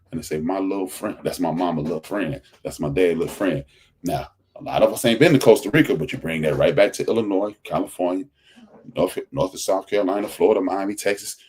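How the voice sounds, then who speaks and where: A man's voice: low voice, a little mellow, husky. A man hosting a podcast, talking in an emphatic, preachy way and repeating phrases for stress. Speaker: podcast host. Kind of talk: casual commentary monologue.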